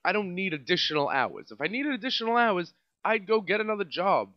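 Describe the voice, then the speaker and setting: A man with a New York accent doing a comedic rant as a podcast host, sarcastic and mocking, his voice swinging between loud outbursts and mutters. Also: high voice, sing-song, brisk, no echo, muffled recording. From Staten Island, New York.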